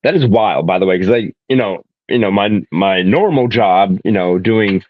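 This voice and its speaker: A man's voice: on the low side, moderate pace, no room sound. Blunt, profane man on a podcast. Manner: blunt, profane, laughs a lot. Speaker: podcast host. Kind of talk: casual interview chat. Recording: dull, slightly lo-fi dry sound.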